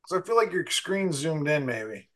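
A man's voice: fairly high pitch, very animated, moderate pace, fairly bright tone. A man on a video call, chatting casually and a little unsure of himself. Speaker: call participant. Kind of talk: casual chat.

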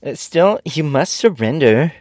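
A man's voice: huge pitch swings, normal speed, darkish tone, dry recording. A man reading aloud and voicing a fierce, determined young woman general who leads a revolt, in a raised voice. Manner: determined, commanding, falsetto-ish. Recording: dull dry recording.

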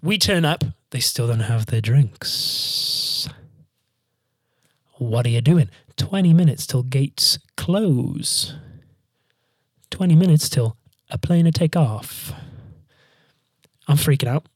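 A man's voice: mid-range voice, takes it slowly, long pauses, no room sound, clean studio sound. A young man and band frontman telling a travel story in a casual monologue, swearing freely and acting out what people said. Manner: swears freely, animated, acts out quotes. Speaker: band frontman hosting a podcast.

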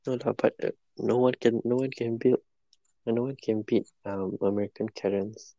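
A man's voice: on the low side, fairly even intonation, normal speed, dark tone, no room sound, lo-fi sound. A young man from Singapore with a Singaporean English accent, co-hosting a podcast and rambling tiredly with many restarts. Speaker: podcast co-host. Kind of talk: casual late-night chat.

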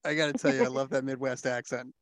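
A man's voice: mid-range voice, flat delivery, fast, dry recording. A man hosting a casual chat, enthusiastic, laughing often and swearing casually. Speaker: host.

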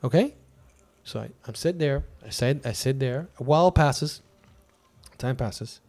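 A man's voice: medium pitch, a little slow. Podcast host guy telling a bar story, casual chat, acts out all the quotes. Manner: animated, acts out quotes of himself and others.

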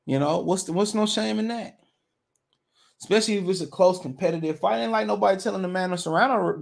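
A young man rants about boxing in a casual, blunt way. His voice sits high and has a gravelly edge. He hammers his points home with slang and repetition. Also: a little mellow. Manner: blunt, emphatic, repeats phrases, slangy. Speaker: boxing commentator. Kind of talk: casual boxing opinion rant.

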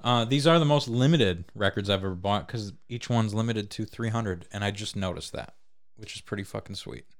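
A man's voice: fairly low pitch, a little fast. A man co-hosting a podcast in casual banter, joking, laughing often and swearing freely. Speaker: podcast co-host.

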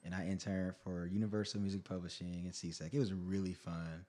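Lively low-voiced man telling his story. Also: a little fast. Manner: animated storytelling with frequent laughs and restarts. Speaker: guest singer-songwriter. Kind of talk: casual interview chat.

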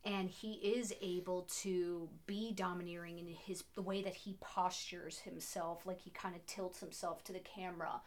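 A woman's voice: fairly low pitch, steady tone, moderate pace, hardly any pauses. Enthusiastic woman chatting about films. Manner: enthusiastic, filler-heavy with many restarts. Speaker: podcast co-host. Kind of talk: casual film discussion.

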